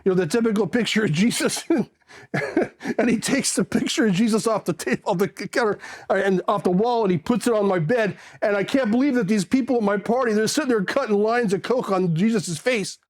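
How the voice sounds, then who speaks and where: A middle-aged Marine Corps veteran from California, casually telling stories and animatedly acting out the voices of the people in them. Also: male voice, high voice, a little fast. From South Pasadena, California. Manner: animated, acts out voices in his anecdotes and laughs often. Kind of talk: casual storytelling.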